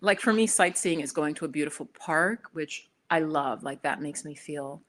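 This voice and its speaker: Low-voiced chatty American woman. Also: moderate pace, a bit bright, a little hiss or hum. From United States. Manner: chatty, rambling, many restarts and fillers. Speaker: spiritual YouTuber. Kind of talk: casual livestream chat.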